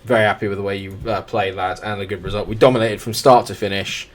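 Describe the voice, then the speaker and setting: A man's voice: lowish voice, fast. Chatty man calling a football game. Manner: excitable play-by-play, chatty asides to players. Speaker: gaming YouTuber. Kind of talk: live football sim commentary.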